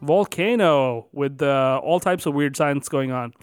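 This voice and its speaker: A man's voice: mid-range voice, measured pace, clean tone, no echo, clean studio sound, soft background music. A man co-hosting a casual podcast, announcing numbered categories with extra emphasis and then chatting loosely. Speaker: podcast co-host.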